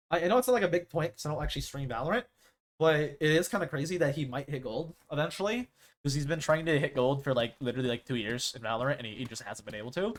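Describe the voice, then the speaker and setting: A man chatting casually with his stream viewers as a live streamer, rambling and acting out quoted exchanges. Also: on the high side.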